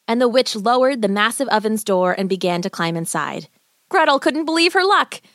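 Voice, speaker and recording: A woman narrating a fairy tale as a bedtime story, in an expressive, gentle, animated way. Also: fairly high pitch, moderate pace, no echo, studio quality.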